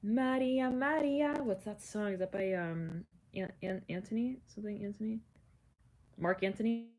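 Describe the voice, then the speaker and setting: A woman's voice: medium pitch, steady tone, moderate pace, darkish tone. A young woman hosting a casual livestream, rambling, laughing often and singing bits of songs. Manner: giggly, rambling, sings snatches of songs. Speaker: livestream host.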